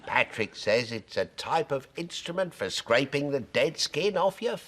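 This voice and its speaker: An actor playing a brisk, showy quiz show host. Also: male voice, medium pitch, big pitch swings, a bit bright, slight background noise. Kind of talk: spoof quiz hosting.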